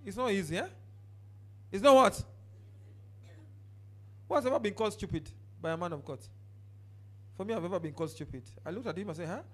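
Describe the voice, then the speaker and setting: Man, pastor, sermon, high-pitched, very animated pitch. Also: fairly quick, long pauses. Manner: preaching with sudden shouted outbursts and quiet asides; calls on the congregation to turn to a neighbor.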